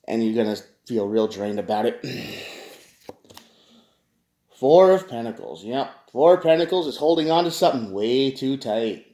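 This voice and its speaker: A man's voice: mid-range voice, mellow, echoey room. A man giving a casual tarot reading, talking straight to his viewers with frequent restarts. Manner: conversational, addresses viewers directly, frequent restarts. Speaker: tarot reader.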